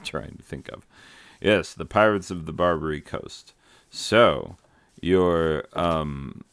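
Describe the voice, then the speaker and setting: A man, a teacher, rambling casually over his gameplay with jokes, trailing off and filling pauses with ums. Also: very deep voice, creaky, a bit bright, no echo. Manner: meandering, joking, trails off with many fillers. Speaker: teacher making a gaming vlog. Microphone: close desk microphone.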